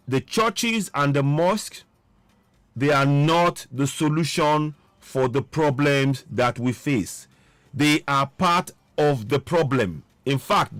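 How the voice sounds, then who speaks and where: A man delivering an impassioned political monologue, forceful and repetitive, with a preaching cadence. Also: fairly high pitch, dry recording. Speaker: political commentator.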